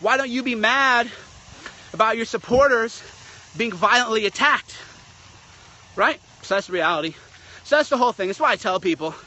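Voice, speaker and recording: A man's voice: very high-pitched, animated, normal speed, long pauses, bright, forceful tone. A man delivering a blunt, sarcastic political rant as a commentator. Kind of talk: ranting monologue.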